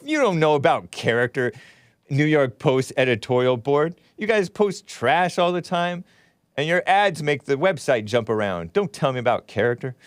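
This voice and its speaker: A man's voice: fairly high pitch, lively intonation, moderate pace, no echo, clean studio sound. A man hosting a solo commentary show, rambling and opinionated as he reads out articles and viewer comments. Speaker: host.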